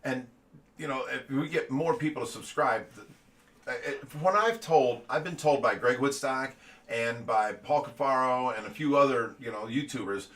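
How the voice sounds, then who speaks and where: A man's voice: medium pitch, normal speed, a bit bright. A middle-aged man hosting a casual livestream chat, a rambling storyteller who fills his talk with "you know". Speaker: host of a fish rescue livestream. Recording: voice a little far from the mic.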